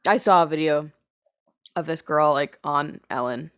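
A young woman co-hosting a casual podcast, animated and chatty, with "like" all through her talk. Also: low voice, measured pace, clear, resonant tone, no echo, studio quality. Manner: chatty, animated, says like a lot. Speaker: podcast co-host.

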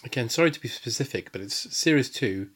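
A man's voice: mid-range voice, expressive, brisk, a bit bright, husky. A man chatting as a podcast guest, enthusiastic and rambling, with lots of fillers and restarts. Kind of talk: casual chat.

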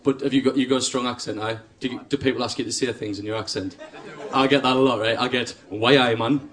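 A man's voice: mid-range voice, steady tone, fast talker. A young man from Sunderland with a Mackem accent, doing a chatty, self-deprecating stand-up set and working the crowd. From Sunderland, North East England. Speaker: stand-up comedian. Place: comedy club stage with live audience. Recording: live club recording, audience laughter, room noise.

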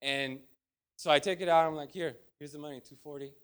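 A man's voice: a little high, steady tone, fairly quick, fairly bright tone, clear, resonant tone. A man preaching in a conversational, storytelling way, full of restarts and asides. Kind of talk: storytelling sermon.

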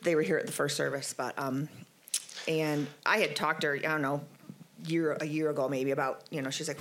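A middle-aged woman giving a testimony at church, telling her story in an animated, rambling way with many fillers. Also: low voice, brisk, slight background noise. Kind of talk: spoken testimony.

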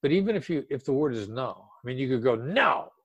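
A man's voice: medium pitch, animated, fast, warm tone, no room sound, lo-fi sound. Emphatic older man, dry close sound. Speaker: negotiation expert guest. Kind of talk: casual interview talk.

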